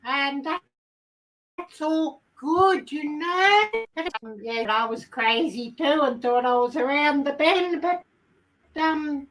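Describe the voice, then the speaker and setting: A woman's voice: high voice, takes it slowly, fairly bright tone, distant mic, poor audio. P P Fowl, a woman doing a giddy hen. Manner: rambling, giddy, full of ums. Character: excitable chatty female hen. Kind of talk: comic character monologue.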